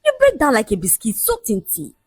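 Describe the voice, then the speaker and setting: A woman's voice: a little high, wildly swooping pitch, a little fast, no room sound, studio quality. A woman voicing a smug, dismissive young man who mocks his fiancée in a folk-tale storybook reading. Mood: mocking. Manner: mocking, lecturing, casually shameless.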